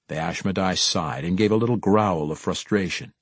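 Low husky male audiobook narrator. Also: moderate pace, no room sound. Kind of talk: scripted narration.

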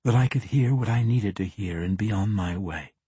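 A man voicing a cold, menacing assassin in a fantasy audiobook, speaking in a calm, measured, threatening way. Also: fairly low pitch, breathy edge, no echo. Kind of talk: audiobook character voice.

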